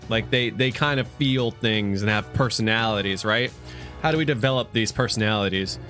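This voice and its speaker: Male co-host, animated and jokey, bright voice, faint game music. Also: mid-range voice, fairly quick. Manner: laughing, animated, joking commentary. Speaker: streamer co-host. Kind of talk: casual gameplay reaction chat.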